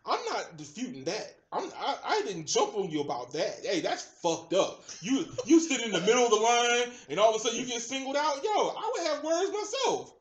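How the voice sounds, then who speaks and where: A man's voice: very high-pitched, very animated, moderate pace, few pauses, echoey room. A man in casual chat who talks insistently and repeats himself to get a word in.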